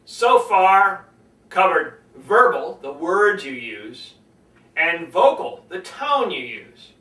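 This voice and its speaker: A man coaching public speaking in a lively lesson, demonstrating different tones of voice as he explains. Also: high voice, slow, echoey room, distant mic, low-quality recording. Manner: animated, demonstrates tones by acting them out.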